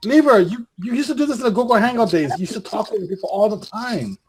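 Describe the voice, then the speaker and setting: A man's voice: sits high, expressive, fast talker, darkish tone, a little hiss or hum, rough recording. A man hosting a rowdy web talk show who teases his guests and tries to keep order. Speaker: host. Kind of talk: casual chat hosting.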